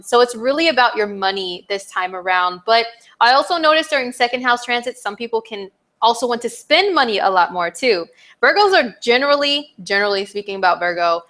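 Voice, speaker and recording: Her voice a touch on the high side, this young astrologer delivers a relaxed, talkative forecast to her audience. She's animated, tossing in playful exclamations and lots of filler words.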